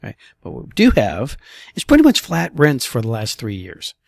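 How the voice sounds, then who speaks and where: Male broker, mid-pitched, blunt casual market commentary, dry close sound. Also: huge pitch swings, moderate pace, gravelly, a little mellow, dry recording. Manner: blunt, conversational, peppers talk with "all right" and "okay". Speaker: real estate broker.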